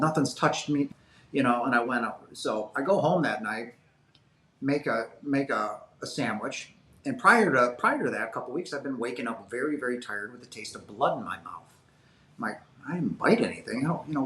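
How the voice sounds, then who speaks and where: A man's voice: mid-range voice, pushed and bright, slight background noise. A man in his fifties, a guest telling a personal story in an interview, earnest and rambling with many fillers. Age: 50s. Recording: roomy echo.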